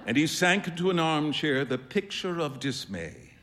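A man reading a classic short story aloud on stage, in an expressive storytelling manner. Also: a little high, moderate pace, few pauses, big-room sound. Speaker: performer.

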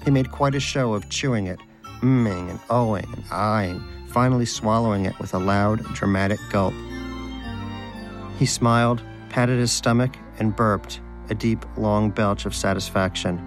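A man's voice: lowish voice, a little slow, over music. A man narrating an audiobook in a dry, wry storytelling manner.

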